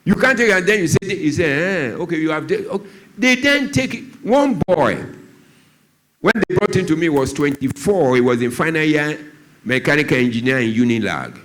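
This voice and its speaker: This very animated Nigerian doctor speaks at normal speed in a slightly bright voice, giving a church talk on drug abuse. His stories come alive as he acts out the characters' lines and varies his pitch heavily.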